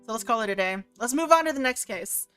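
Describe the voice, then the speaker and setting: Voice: medium pitch, lively intonation, quick pace, a bit bright, clean tone, faint music behind. A streamer chatting casually and making jokes while playing a detective game. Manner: chatty and joking.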